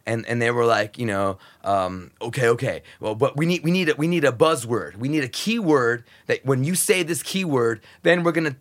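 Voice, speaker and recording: This man, medium in pitch, keeps a moderate pace and barely pauses at all. He's a satellite radio host guesting on a podcast, spinning profane, animated stories in a relaxed interview and mimicking crowds and crew members.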